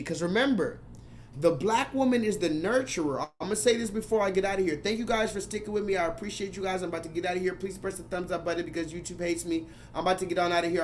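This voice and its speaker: Emphatic man hosting a livestream. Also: sits high. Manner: emphatic, repetitive, profane, talking to chat. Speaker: livestream host. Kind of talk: casual livestream talk.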